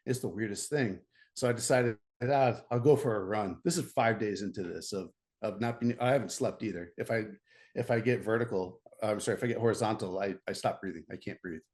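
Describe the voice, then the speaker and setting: A middle-aged American man, a podcast guest, telling a story in a casual, animated way, often laughing and restarting his sentences. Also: fairly low pitch, a little fast.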